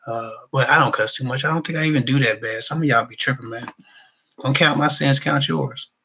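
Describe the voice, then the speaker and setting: A man's voice: medium pitch, fairly quick, creaky, pushed and bright, slight background noise, poor audio. A middle-aged man hosting a live relationship Q&A, chatting casually and reading out viewer comments, with loose colloquial phrasing. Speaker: relationship advice host.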